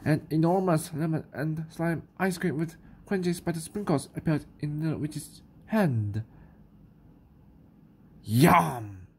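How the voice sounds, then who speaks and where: Slow, husky New Zealand woman reading. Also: sits low, warm tone. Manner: slow, careful reading with small stumbles. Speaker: storyteller. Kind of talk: children's picture book read aloud.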